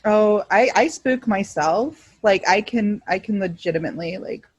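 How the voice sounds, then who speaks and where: Female podcast co-host: chatty, reactive, teasing, mid pitch, dry close sound. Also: expressive, normal speed, breathy edge, no echo, muffled recording. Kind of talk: casual chat. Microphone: podcast mic.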